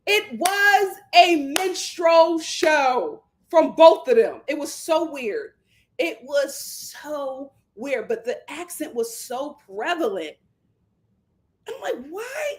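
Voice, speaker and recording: A young adult woman hosting a solo commentary on a reality show, talking in an animated, indignant way and breaking into laughter. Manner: animated, indignant, laughs and jumps up in pitch when quoting herself. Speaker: commentary channel host.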